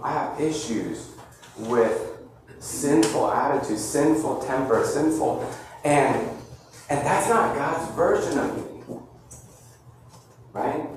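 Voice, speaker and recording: A man's voice: medium pitch, slight background noise. A middle-aged male pastor preaching a sermon, telling a story casually with slang and restarts. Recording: roomy echo heard from a distance.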